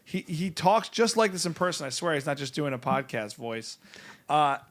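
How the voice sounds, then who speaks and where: A male podcast host talks casually from his studio, upbeat and teasing, often breaking into laughter. His voice sits a little high for a man. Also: very animated, moderate pace, fairly bright tone. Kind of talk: casual chat.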